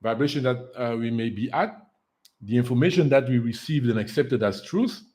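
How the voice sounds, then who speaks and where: Husky-voiced man, earnest and repetitive. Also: medium pitch, normal speed, darkish tone. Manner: earnest, repeats words for emphasis, casual fillers. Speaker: spiritual life coach. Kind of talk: casual livestream talk. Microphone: solo live stream setup.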